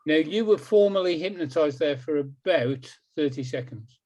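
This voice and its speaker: A man's voice: fairly high pitch, normal speed, a little mellow. Emphatic hypnotist man in his sixties. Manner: emphatic, repeats words, self-deprecating. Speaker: hypnotist guest. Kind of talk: conversational interview.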